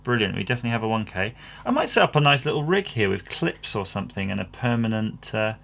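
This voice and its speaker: Give me a man with a gravelly voice casually talking through a kit build, self-deprecating and rambling. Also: on the low side, sing-song, fast talker, fairly bright tone. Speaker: electronics kit builder, channel host. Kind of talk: casual workbench commentary.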